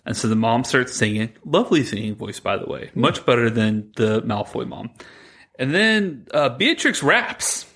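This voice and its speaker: A man co-hosting a podcast, retelling a movie plot in a rambling, animated way, quoting the characters as he goes. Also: mid-range voice, normal speed, breathy edge. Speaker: podcast co-host. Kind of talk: casual chat recapping a movie.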